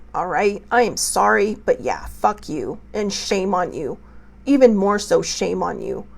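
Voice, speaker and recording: A woman host pours out tearful anger in slow, deliberate commentary, her voice carrying a gravelly fry. She sinks to near-whispers at moments and then rises into forceful outbursts. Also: mid-range voice. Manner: impassioned, pausing, swinging between soft whispers and raised outbursts. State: tearful, angry. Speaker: show host. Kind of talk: emotional personal commentary.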